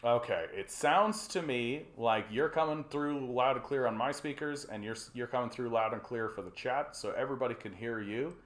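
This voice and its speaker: Here the Canadian livestream host speaks at a normal pace with a mid-range voice, barely pausing, and there's reverb around him. Hosting his casual call-in stream, he jokes, swears heavily, rambles, and fills the air with fillers and false starts.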